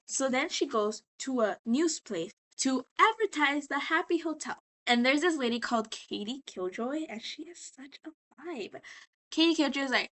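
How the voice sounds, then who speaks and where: A woman's voice: high voice, lively intonation, moderate pace, bright, forceful tone. A tipsy woman rambling sassily as she recaps a show in a casual vlog. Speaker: vlogger.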